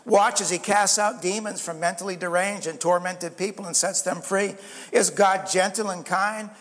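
A man delivers an earnest sermon in a high register, asking the congregation question after question and calling for amens. His voice rings with the long reverb of a large hall. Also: steady tone, normal speed, a bit bright. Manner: earnest preaching with rhetorical questions and call-outs of amen. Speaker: pastor.

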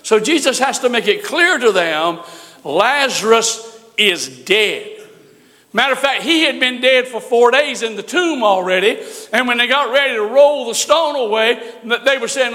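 A man's voice: very high voice, lively intonation, normal speed, bright, forceful tone. An older man preaching a sermon in a folksy storytelling way with touches of humor. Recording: long hall reverb.

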